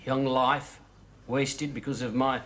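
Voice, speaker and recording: An actor playing a put-upon young shop assistant, wry and self-pitying. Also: male voice, mid-range voice, flat delivery, takes it slowly, a bit bright.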